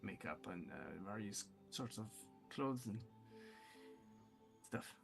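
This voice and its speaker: A man role-plays his character at a tabletop game, pausing and thinking aloud as he goes. His pitch moves around a lot. Faint music plays behind him. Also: animated, gravelly. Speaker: player.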